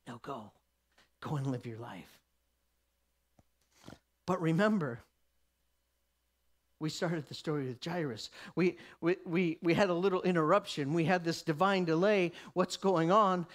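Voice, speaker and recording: Preaching with a voice on the high side, this man goes a little slowly and leaves long pauses. He acts out the story's figures, shifting from booming proclamations to quiet whispers.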